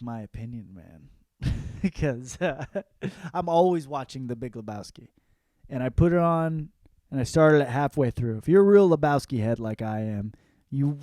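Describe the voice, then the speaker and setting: A young man rambles through a comedic monologue, swearing freely as he riffs on movies. His voice is dark and mellow. The recording is dry and close, with no room sound. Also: medium pitch, no room sound. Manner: profane, rambling, mimics movie lines. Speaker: podcast host.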